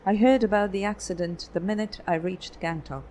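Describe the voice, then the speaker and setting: A woman voicing a calm, guarded photographer raised in Germany, telling his past in a measured way. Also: mid-range voice, a little hiss or hum, close to an everyday voice, poor audio. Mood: earnest. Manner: measured, explanatory storytelling.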